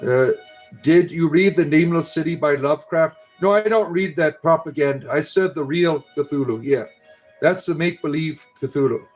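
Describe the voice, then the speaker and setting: Middle-aged male livestream host, joking and rambling, slightly raised pitch, faint music behind. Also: normal speed. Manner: joking, rambling, with frequent "right?" tags. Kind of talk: casual chat reading viewer comments.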